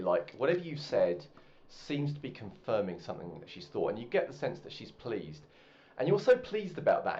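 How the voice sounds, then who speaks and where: Man running a tabletop game, rambling and relaxed, low voice, muffled sound. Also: slight background noise. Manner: relaxed, rambling with many fillers. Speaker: game master. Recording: muffled, with faint music.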